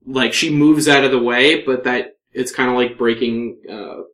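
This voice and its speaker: A man narrating as game master in a tabletop game, with many pauses and fillers. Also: medium pitch, steady tone, fairly bright tone.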